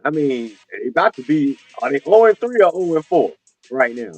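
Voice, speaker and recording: A man co-hosting a casual sports talk show over a video call, talking in loose slang and swinging from a low mutter to excited rants. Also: moderate pace, no room sound, highs cut off, soft background music. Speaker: co-host.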